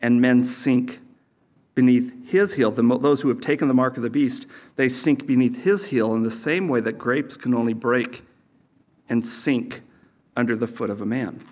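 A male pastor delivers a sermon from a church service. His voice sits in a middle register, and he keeps it animated, slipping in jokes between scripture points. He lifts his pitch sharply whenever he wants a line to land. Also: moderate pace. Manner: animated, jokey, pitch jumps up for emphasis.

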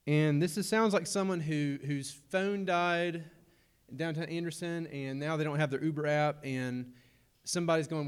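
A man's voice: a little high, fairly even intonation, normal speed, clean tone. A young adult man, preaching a sermon in a conversational way with humorous asides. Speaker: pastor.

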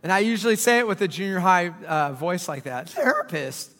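A man preaching a sermon as pastor, conversational and joking, sometimes dropping low and quiet, sometimes rising loud. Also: expressive, brisk. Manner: conversational, joking preacher with dramatic swings in loudness. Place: church auditorium. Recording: church hall with long reverb.

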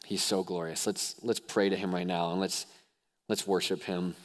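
A young man preaching a sermon as pastor, animated, swinging from hushed lows to excited near-shouts. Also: moderate pace. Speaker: youth pastor.

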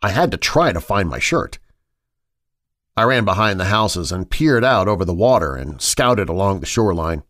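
A man hosting a horror podcast, reading a story in a measured, suspenseful way on a close mic. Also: deep voice, animated, a bit bright, no room sound. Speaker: horror podcast host and narrator. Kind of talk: scripted horror story narration.

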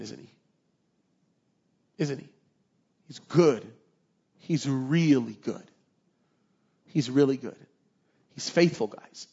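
Impassioned preacher, muffled recording. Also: male voice, mid-range voice, darkish tone. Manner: impassioned, conversational preaching with audience asides. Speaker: pastor. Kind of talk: sermon.

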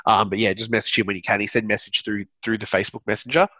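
A man's voice: on the low side, fairly even intonation, quick pace, bright, forceful tone, no echo. A man in casual chat on a call, rambling with lots of fillers, passing on updates. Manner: rambling, filler-heavy, upbeat.

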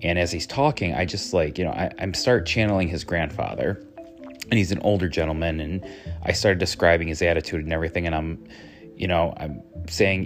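A man's voice: deep voice, brisk, faint music behind. A man who works as a psychic medium, telling a story in a chatty, rambling way full of fillers. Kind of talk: casual storytelling.

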